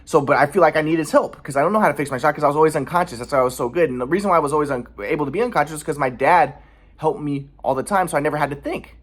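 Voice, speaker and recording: A man's voice: on the high side, rapid-fire. A man in his thirties, talking in his apartment in an aggrieved, rambling, repetitive monologue. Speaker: vlogger. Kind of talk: monologue to camera. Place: apartment by an alleyway.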